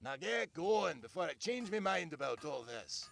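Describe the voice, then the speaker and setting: An actor playing a gruff, protective male dwarf father who gives commands in a game. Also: on the high side, big pitch swings, moderate pace, a bit bright, full character voice. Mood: stern.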